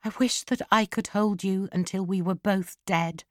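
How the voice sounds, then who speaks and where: A woman's voice: mid-range voice, steady tone, normal speed, no room sound, clean studio sound, natural voice. A woman reading an audiobook and voicing a dying young woman, wild, pleading and desperate.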